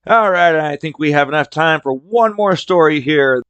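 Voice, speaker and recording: A man's voice: a little high, lively intonation, normal speed, a bit bright, clear, resonant tone, no room sound, lo-fi sound. A man hosting a podcast, telling work stories in a casual, wry, conversational way. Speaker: podcast host. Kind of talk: casual storytelling.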